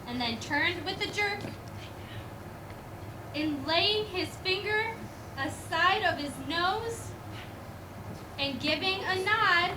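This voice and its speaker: A woman teacher reading a Christmas poem aloud in a clear, measured way, then making announcements. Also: extremely high pitch, animated. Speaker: preschool teacher. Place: school room or hall. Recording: echoey room from far off, background noise.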